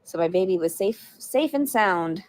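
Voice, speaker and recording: A woman's voice: medium pitch, expressive, a little slow, a little mellow. A woman chatting on a livestream, answering viewers in a blunt, profane, rambling way. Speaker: livestreamer reading chat. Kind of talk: casual livestream chat.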